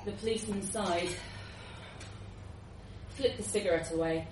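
Expressive woman reading a story aloud. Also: medium pitch, normal speed, background noise. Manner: lively, expressive narration. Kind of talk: live reading of a short story. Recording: roomy, distant live recording.

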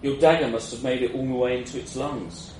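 A man's voice: medium pitch, fairly even intonation, a little fast, darkish tone, echoey room, a little hiss or hum, natural voice, poor audio. A man doing a blunt elf warrior woman. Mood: dry. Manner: dry, dismissive retorts.

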